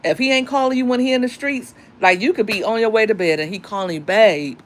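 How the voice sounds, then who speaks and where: Emphatic, candid middle-aged single mom. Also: female voice, on the high side, quick pace. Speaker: single mother giving dating advice. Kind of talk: casual monologue.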